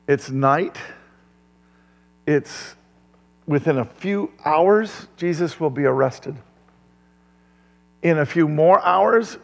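A male pastor preaching a sermon in a church, lively, throwing questions to the crowd and chuckling often. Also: a little high, creaky, long reverb tail.

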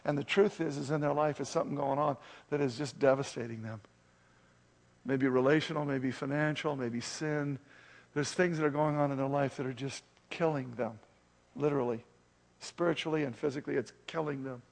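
A man's voice: mid-range voice, steady tone, brisk, gravelly. A male pastor delivering an earnest, urgent sermon and then leading a prayer.

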